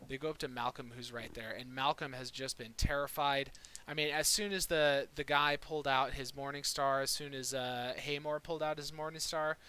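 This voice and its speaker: A man's voice: medium pitch, steady tone, normal speed, sharp tone, clean tone. A man running a tabletop game as dungeon master, narrating combat in a casual, rambling way. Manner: casual, rambling, with fillers and restarts.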